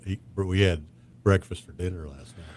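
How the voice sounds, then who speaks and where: A man's voice: deep voice, moderate pace, a little mellow. A laid-back man on a morning radio show who mostly chimes in with short remarks. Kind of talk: casual morning radio banter. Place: radio studio.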